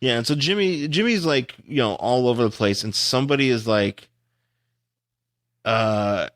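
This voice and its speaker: A man's voice: mid-range voice, moderate pace, fairly bright tone. A man co-hosting a podcast, chatting casually about a comic and often restarting his sentences as he jokes. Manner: rambling, restarts phrases, joking. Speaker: podcast co-host.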